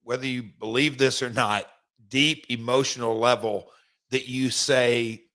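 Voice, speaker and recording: A man's voice: mid-range voice, fairly even intonation, a little slow, a bit bright. A middle-aged man, hosting a casual podcast and telling stories with emphasis and many restarts. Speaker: podcast host, former wrestler.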